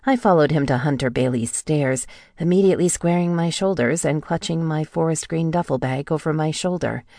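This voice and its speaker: A woman narrating a novel in the first person, with a steady storytelling read into a close mic. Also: low voice, brisk, no echo. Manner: even storytelling read, lightly acting out the heroine's lines. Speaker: audiobook narrator.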